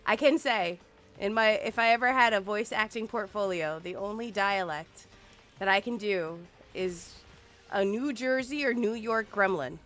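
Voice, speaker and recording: Faint music plays behind a woman with a mid-range voice who speaks unhurriedly. It's casual, playful live-stream chat as she games, with humming and bits of singing mixed in.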